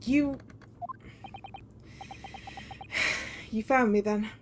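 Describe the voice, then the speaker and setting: A woman's voice: fairly high pitch, slow, background noise. A woman voicing a bewildered young male lawyer in a video game, talking in a hesitant, confused way.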